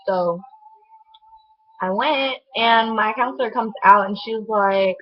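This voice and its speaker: Young woman, chatty storytelling vlog, filler-heavy, mid pitch, dull lo-fi sound. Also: a little slow. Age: young adult. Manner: chatty, animated, lots of "like" fillers. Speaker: vlogger. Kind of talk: casual storytelling to camera.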